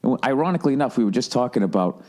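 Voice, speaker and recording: A man's voice: medium pitch, expressive, racing, darkish tone. A man telling a rambling, profane, self-mocking comic rant in a podcast style. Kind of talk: comedic rant.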